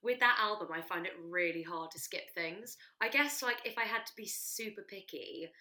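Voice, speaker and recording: Woman podcast co-host, bright voice, giggly, casual. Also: mid-range voice, animated, normal speed. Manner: giggly, hesitant. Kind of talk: casual chat.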